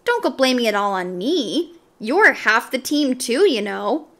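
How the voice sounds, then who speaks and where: An eager young schoolboy from a storybook, put on by a woman reader pleads over and over in a lifted, lively voice. His delivery is slow and bright, with a stubborn, repeating insistence. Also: fairly high pitch, heavily acted. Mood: indignant. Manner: insistent, repeating the same plea. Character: young schoolboy eager to join a kickball game.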